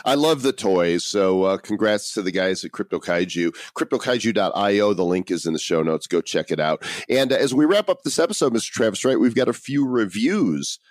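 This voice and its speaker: A man co-hosts a casual podcast, his voice sitting on the low side. The sound is dry and close, with no room around it. He jokes easily with his partner. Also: lively intonation, a little fast, few pauses, dry recording. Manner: jokey, reads listener reviews aloud. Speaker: podcast co-host.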